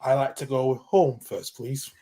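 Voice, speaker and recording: A man answering in a casual online quiz, thinking aloud and trailing off softly. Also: medium pitch, fairly even intonation, a little slow. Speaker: quiz contestant. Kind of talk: casual chat.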